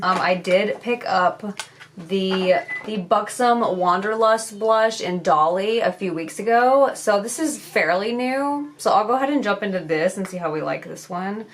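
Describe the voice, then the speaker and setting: A woman's voice: medium pitch, normal speed, slight background noise. A young woman chatting candidly as a beauty vlogger while she does her makeup, swearing casually as she goes.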